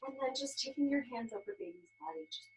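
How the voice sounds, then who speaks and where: A young woman teaching a baby yoga class, explaining gently and encouragingly with frequent "um" fillers. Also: sits high, fast, low-quality recording. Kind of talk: instructional class narration.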